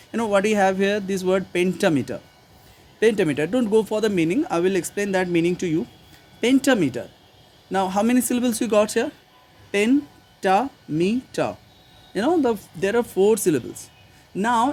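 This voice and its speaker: Man, Indian English accent, high voice, literature teacher, hesitant, lots of fillers and restarts. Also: a little mellow, slight background noise. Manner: hesitant, repeats himself with many fillers. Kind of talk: casual online literature lesson.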